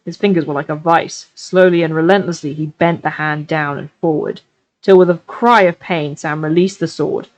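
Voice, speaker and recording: A woman reads a novel aloud on a live stream with an expressive delivery. Her voice sits somewhat low, and she slows down and draws out the dramatic passages. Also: dull audio. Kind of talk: live-streamed book reading.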